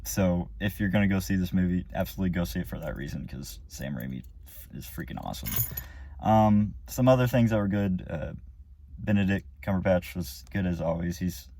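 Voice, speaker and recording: Man, casual movie reviewer, mellow dark tone, rambling with fillers. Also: low-pitched, fairly quick, creaky. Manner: rambling, with many fillers and restarts. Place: car or room after the movie.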